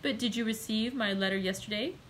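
A woman's voice: on the high side, a little fast, a little hiss or hum, lightly acted, rough recording. A woman reading the lines of a polite, formal male charity official.

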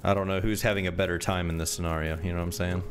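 A man commentating a horror game, jumpy and excitable, swearing and yelping when scared. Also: low-pitched, rapid-fire, loud music behind the voice. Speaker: gaming channel host.

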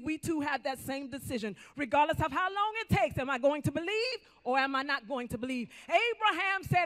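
A male pastor preaching emphatically, swinging between loud calls and quiet asides. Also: very high voice, lively intonation, normal speed, hardly any pauses. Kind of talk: sermon.

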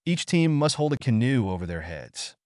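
A man's voice: mid-range voice, very animated, normal speed, darkish tone, dry recording, studio quality, natural voice. A man voicing a male drill-sergeant camp cook who roars orders at campers. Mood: barking. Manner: roaring orders.

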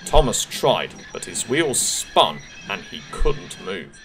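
Gravelly man reading a storybook. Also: fairly low pitch, slow, faint music behind. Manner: expressive, gently paced narration.

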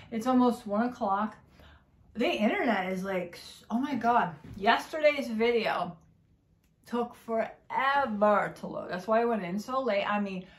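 A woman from New Jersey with a Jersey accent, telling stories in a casual, animated vlog and acting out both sides of conversations. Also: on the high side, echoey room. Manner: animated, swears, acts out quoted exchanges. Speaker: vlogger. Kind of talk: casual chatty storytelling.

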